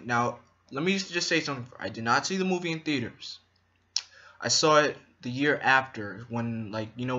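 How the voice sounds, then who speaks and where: Excited man reviewing a movie, bright voice. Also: mid-range voice, lo-fi sound. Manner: enthusiastic, rambling. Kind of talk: casual movie review vlog.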